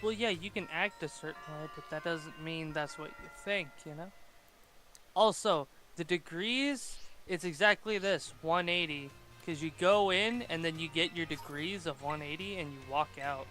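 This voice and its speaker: A man's voice: on the high side, moderate pace, pushed and bright, faint music behind. A man chatting casually on a game stream, joking and teasing his co-host. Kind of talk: casual chat while gaming.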